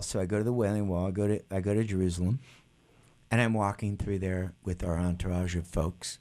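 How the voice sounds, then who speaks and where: A middle-aged man, a guest musician, telling tour stories on a radio show in an animated way, swearing and acting out other people's lines. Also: on the low side, a little fast, dry recording. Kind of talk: casual storytelling on a radio show. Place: radio studio.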